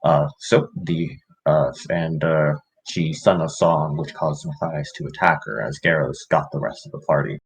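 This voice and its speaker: A man recapping the last session of a tabletop game, halting and full of restarts. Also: a bass voice, steady tone, poor audio. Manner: halting, many fillers and restarts. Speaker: player.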